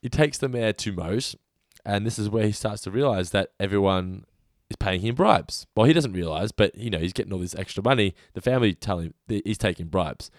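A man's voice: on the low side, expressive, a little fast, no room sound, studio quality. Man casually recapping an episode. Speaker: podcast co-host.

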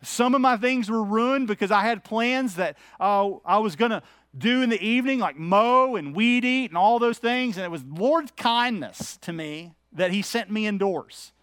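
A man's voice: sits high, animated, moderate pace, a bit bright, smooth, no echo, studio quality. A middle-aged man, preaching a sermon as pastor in a candid, conversational, anecdotal way.

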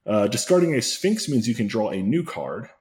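A man's voice: on the low side, sing-song, normal speed, a little mellow. A man hosting a comedy podcast, recapping a story in a rambling, self-correcting way with dry jokes. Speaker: podcast host.

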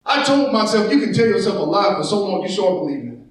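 High-voiced man preaching in an echoey church. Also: very animated, quick pace, a little hiss or hum. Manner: impassioned, calls out to the congregation, often shouting. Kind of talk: sermon. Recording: echoey church sound from far off.

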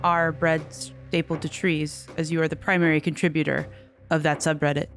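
A woman's voice: deep voice, little pitch movement, moderate pace, faint music behind. A woman improvising a hesitant giant robot leader in a comedy sketch, asking puzzled questions.

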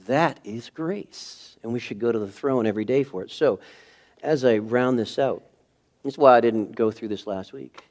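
Middle-aged man, pastor, animated storytelling sermon, mid-range voice. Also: mid-range voice, moderate pace. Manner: animated storytelling, acting out scenes with sudden shifts in loudness. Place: church sanctuary.

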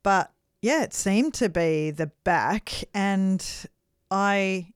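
A woman's voice: medium pitch, very slow, clean tone, no room sound, clean studio sound. A woman, co-hosting a casual podcast chat, chatty and self-deprecating. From Australia. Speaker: podcast co-host.

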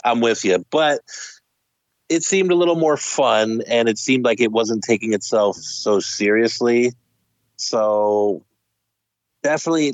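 A male podcast co-host speaks eagerly, with the opinionated energy of a comic-book nerd. His voice sits at an average pitch. The sound is dry and close to the mic. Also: no echo, dull audio. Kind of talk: casual podcast chat.

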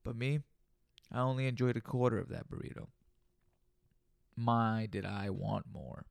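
A young man hosts his own podcast in a loose, profane, rambling way, tossing in jokey repeated asides. His voice has a gravelly fry at mid pitch. The recording is dry and close to the mic. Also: unhurried, dry recording. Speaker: podcast host. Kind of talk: casual solo podcast monologue.

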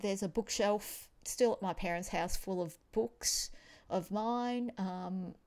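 Woman in relaxed chat. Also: medium pitch, takes it slowly. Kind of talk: casual chat.

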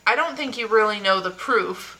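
A woman's voice: mid-range voice, expressive, pushed and bright, poor audio. A woman hosting a casual chat, asking questions and often restarting her sentences. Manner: inquisitive, quick restarts. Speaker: host.

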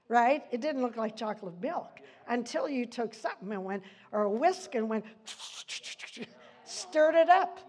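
A woman's voice: fairly high pitch, lively intonation, a little slow, darkish tone, a little hiss or hum. An older woman leading an informal church Bible study, chatty and rambling, laughing often between points.

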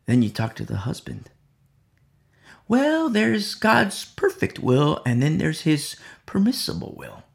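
A man preaching a Bible sermon, repeating key phrases, asking "You see?" and swinging between loud emphasis and quiet asides. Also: fairly high pitch, wildly swooping pitch, takes it slowly, vocal fry. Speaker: Bible teacher.

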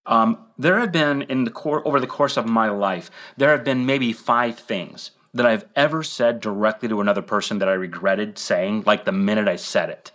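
A man's voice: fairly low pitch, normal speed, few pauses, fairly bright tone. Rambling self-deprecating middle-aged man. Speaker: podcast co-host. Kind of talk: casual podcast storytelling.

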